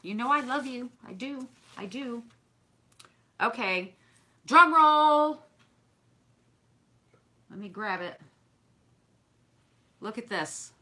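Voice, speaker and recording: A chatty woman with a bright, forceful voice shows off gifts from her viewers. She gushes over every little thing in a warm, effusive, casual way. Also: fairly high pitch, slow, long pauses, slightly rough. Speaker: craft and decor vlogger.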